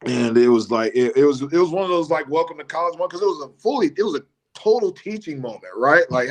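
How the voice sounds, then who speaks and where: Animated man telling stories, laughing often. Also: fast. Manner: animated storyteller who mimics his coach in a high voice, laughs often, many restarts. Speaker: guest, former college football player. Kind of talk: casual storytelling on a live show.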